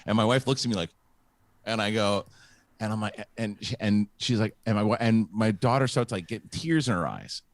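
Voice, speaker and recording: A middle-aged man hosting a casual chat show, telling a story in a halting, rambling way with many restarts. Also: fairly low pitch, no echo. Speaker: host.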